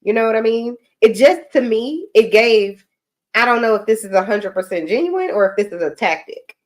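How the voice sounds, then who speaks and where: A woman giving casual reaction commentary, talking deliberately and correcting herself as she goes. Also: on the high side, lively intonation. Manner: deliberate, self-correcting, direct.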